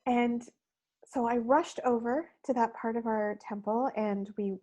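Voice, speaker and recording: A woman's voice: a little high, normal speed, rough recording. A middle-aged woman, giving a storytelling webinar talk and acting out quoted lines, recorded on a video call mic. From Canada. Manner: animated, acts out quoted lines, drops to soft tones in sad moments. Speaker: webinar speaker.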